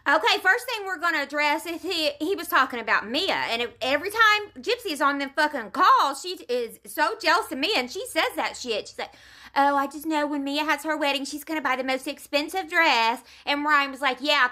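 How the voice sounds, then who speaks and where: A woman's voice: high-pitched, bright, forceful tone. A woman delivering a heated, profane commentary rant, talking emphatically and calling out someone directly to her viewers. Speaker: commentary vlogger. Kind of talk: ranting commentary.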